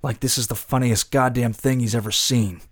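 A man's voice: mid-range voice, steady tone, moderate pace, no echo, clean studio sound, close to an everyday voice. A man playing a profane, haunted confessing vendor. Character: bitter working-class man confessing a killing. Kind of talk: radio drama acting.

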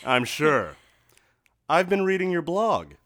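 A smug, cruel billionaire in a radio drama, who talks slowly with a lively, swinging pitch. His voice is bright and pointed, with a mocking edge. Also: exaggerated voice.

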